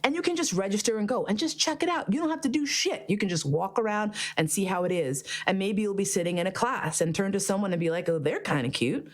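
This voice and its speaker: A woman's voice: medium pitch, quick pace, few pauses. A woman hosting a podcast, telling stories in casual chat, swearing freely and laughing often. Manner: profane, animated, laughs often. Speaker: podcast host.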